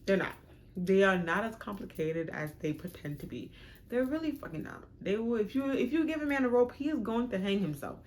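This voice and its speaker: A young woman telling a storytime on her vlog, frank, animated and profane. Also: mid-range voice, a little fast. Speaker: vlogger.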